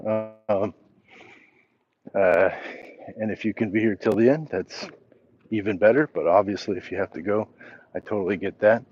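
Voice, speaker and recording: A man's voice: lowish voice, steady tone, normal speed, pauses often, muffled recording, slight background noise. A man hosting a casual walk-and-talk livestream, reading chat messages aloud and answering them as he walks. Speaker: livestream host.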